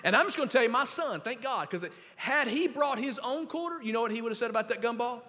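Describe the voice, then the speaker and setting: A man's voice: very high voice, lively intonation, fast talker, sharp tone, a little hiss or hum. A man preaching a sermon as pastor, emphatic and instructive, in a church with echoey hall reverb. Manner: emphatic, instructing the congregation to underline verses.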